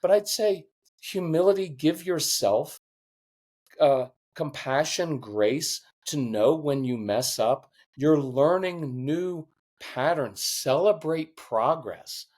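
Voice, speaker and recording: Here the middle-aged parenting coach speaks slowly, his voice sitting on the high side. Interviewed on a podcast in a conversational style, he shares animated, heartfelt stories and grows emotional enough to choke up.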